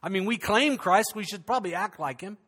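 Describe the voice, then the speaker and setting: A middle-aged male pastor preaching in a high, bright voice. He keeps it conversational and joking, stumbling over repeated words as he goes. His voice rings out with a long reverb from the hall. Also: fairly quick. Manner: humorous, conversational preaching with many restarts. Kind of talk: sermon.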